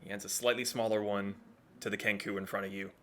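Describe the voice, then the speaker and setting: A man's voice: lowish voice, little pitch movement, fast talker, bright, forceful tone, a little hiss or hum. A man narrating scenes as game master of a tabletop game, easygoing and descriptive.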